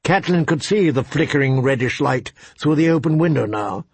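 A man narrating a story in a measured, even audiobook reading. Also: fairly high pitch, slightly rough, dry recording.

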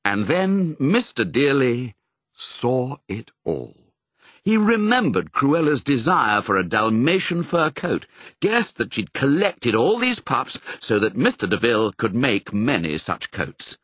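Husky, lively male storybook narrator. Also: mid-range voice, slow, no echo. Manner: expressive, storytelling. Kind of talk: audiobook reading.

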